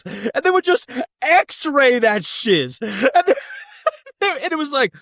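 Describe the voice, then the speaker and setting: A man's voice: extremely high pitch, big pitch swings, takes it slowly, fairly bright tone, no room sound, studio quality. A young man co-hosting a podcast, chatting casually and animatedly, often laughing and slipping into quoted voices. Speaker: podcast co-host. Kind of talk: casual chat.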